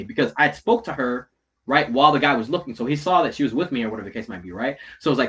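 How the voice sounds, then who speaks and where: A man casually telling a story, swearing a lot, tagging lines with "right?" and "bro", rising loud in the heated parts and dropping low in the asides. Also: quick pace. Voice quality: heavy swearing, slangy, repeats "right?" and "bro". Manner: animated, swings from loud retelling to low mutters.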